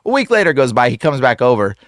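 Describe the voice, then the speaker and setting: A man who is a guest on the show, telling a story in a casual, slangy way full of "like" and "bro", animated and acting out the voices in it. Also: mid-range voice, fast, no echo, studio quality. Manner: slangy, fills speech with "like" and "bro". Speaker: exorcist guest.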